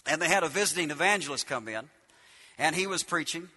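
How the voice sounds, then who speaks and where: Male preacher, high and piercing, emphatic and repetitive, long hall reverb. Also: lively intonation, quick pace, husky. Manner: emphatic, repetitive, shouts key lines, drops low to tell stories. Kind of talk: sermon.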